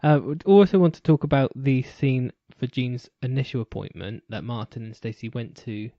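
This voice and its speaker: Male podcast host, mid-pitched, chatty and giggly, dry close recording with a dull lo-fi tone. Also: moderate pace, no echo. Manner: chatty, laughs often, uses "like" a lot. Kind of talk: casual chat.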